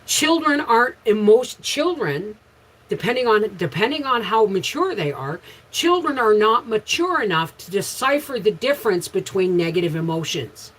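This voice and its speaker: Husky middle-aged woman, frank and rambling. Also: medium pitch, very animated, moderate pace, rough recording. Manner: frank rambling storyteller with sudden loud bursts. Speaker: homestead channel host. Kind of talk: casual livestream chat answering viewers.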